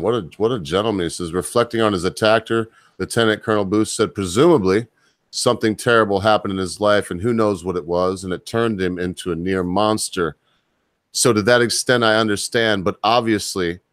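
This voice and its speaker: A low-pitched man reads news items aloud and breaks off for wry, chuckling remarks. His voice sits lower than most men's, and it sounds dry and close, with no room echo. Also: normal speed, a bit bright. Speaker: host. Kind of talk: casual commentary, reading news aloud.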